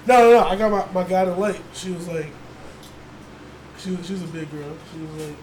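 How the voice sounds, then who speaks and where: Young guy on a podcast, kinda high voice, laughs a lot while telling stories, echoey room. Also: brisk, pauses often, a little hiss or hum. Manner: animated storyteller, laughs often, mimics others. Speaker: podcast host. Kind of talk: casual chat.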